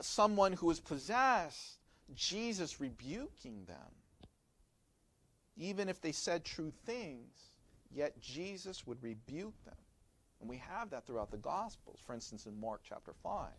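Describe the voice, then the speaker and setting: A man's voice: a little high, a bit bright. A man preaching a sermon as pastor, explaining in a teaching manner and often turning to the listeners with rhetorical questions.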